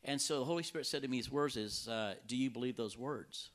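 A man, a healing evangelist, telling a testimony to a church, animated and jumping into a high voice for his own quoted reactions. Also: fast talker.

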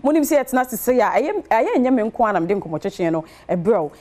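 Here a female talk show host speaks fast in a slightly high, sing-song voice with a dark tone. She runs a lively TV chat show, repeating words rhythmically and working in on-air promos.

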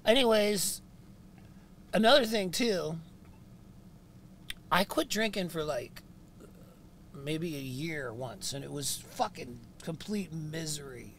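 A man telling a rowdy, profane story as a podcast guest in a van, loud and laughing as he goes. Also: a little high, expressive, takes it slowly, long pauses, a little hiss or hum. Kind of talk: storytelling anecdote. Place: inside a van.

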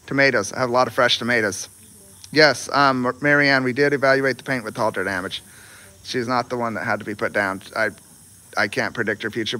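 Guy rambling on a live stream outside, bright voice, lots of ums. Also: medium pitch. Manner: folksy, rambling, many ums and restarts. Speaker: horse rescue livestreamer. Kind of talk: casual rambling live chat.

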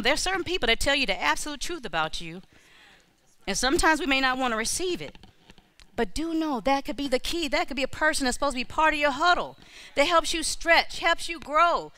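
A woman preaching a storytelling sermon, animated and exhorting, repeating key phrases to the congregation. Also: high voice, no echo. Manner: animated, acts out her own prayers and inner voices. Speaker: church speaker.

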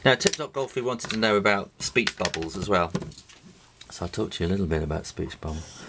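A man's voice: low voice, expressive, fairly quick, fairly bright tone. A middle-aged man with an English accent explaining drawing in a casual, rambling way, with many fillers and restarts while he draws. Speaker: drawing teacher. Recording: faint noise with pen and writing sounds.

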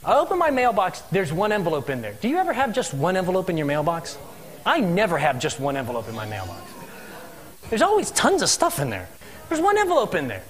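A man telling his missionary story as a sermon testimony in a church, animated and asking the congregation questions. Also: high-pitched, fast talker. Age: adult with three children. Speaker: missionary speaker.

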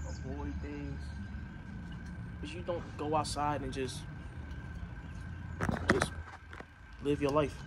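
A young man giving an earnest, casual motivational pep talk, repeating himself and pushing his voice louder as he urges the listener on. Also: a little high, heavy background noise. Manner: earnest, repetitive, rising to loud urging. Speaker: vlogger.

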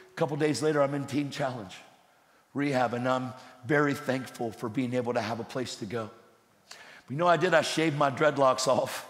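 A man preaching a sermon in a church, swinging from loud, urgent bursts to hushed, low passages. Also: a little fast. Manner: intense, swings from shouting to hushed. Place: church sanctuary. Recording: roomy hall with long reverb.

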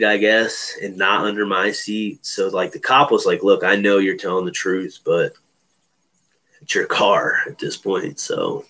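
A man's voice: on the low side, bright, forceful tone. A man telling a personal story in casual chat, loose and profane, full of fillers. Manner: loose, profane, many fillers like "you know".

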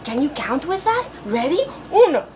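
A woman playing an overeager class teacher, reading a storybook aloud in a sing-song voice with drawn-out words and Spanish phrases mixed in. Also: high voice, big pitch swings, a little mellow, a little hiss or hum. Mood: playful. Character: overeager female teacher persona, adult, playful. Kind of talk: comic storybook read-aloud.

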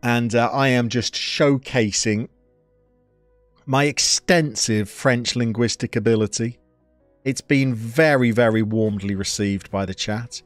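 A man live-streaming a football management game, chatting to viewers and reacting loudly to the play. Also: medium pitch, measured pace, no room sound, faint music behind.

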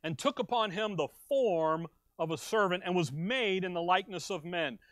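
An American man preaching a sermon, who asks the congregation questions, answers them himself and acts out quoted voices with big swings in loudness. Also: sits high, moderate pace, no room sound, studio quality. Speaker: pastor.

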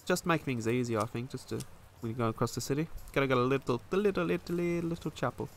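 A man's voice: medium pitch, fast, soft background music. A man giving casual, chatty commentary while playing a video game, reacting as he goes. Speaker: let's play gamer.

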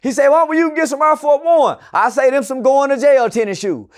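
High-voiced, profane middle-aged man. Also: normal speed, hardly any pauses. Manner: profane, loud, acts out the people in his story. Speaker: guest. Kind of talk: animated storytelling in a casual interview.

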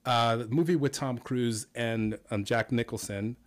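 A man hosting a relaxed interview show. He talks loosely and playfully, with plenty of fillers and false starts. His pitch sits right in the middle for a man. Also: measured pace. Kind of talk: casual interview chat.

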